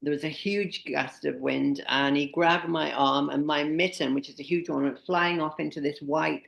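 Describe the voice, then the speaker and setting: A woman in her sixties telling animated anecdotes as an interview guest, often laughing at herself. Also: sits low, moderate pace, gravelly. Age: 60s. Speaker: interview guest, speaker and expedition leader. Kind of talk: casual interview storytelling.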